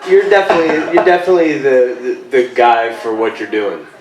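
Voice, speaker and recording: A man's voice: mid-range voice, fairly even intonation, a little fast, recorded from a distance. Man speaking from off mic, echoey. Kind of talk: casual live podcast chat.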